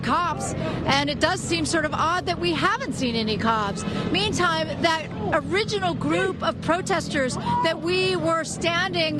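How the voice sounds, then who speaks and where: A woman field reporter speaking live from a city street, hesitant and searching for words. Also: high-pitched. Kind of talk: live on-scene news report. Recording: loud crowd and street noise. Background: crowd and traffic.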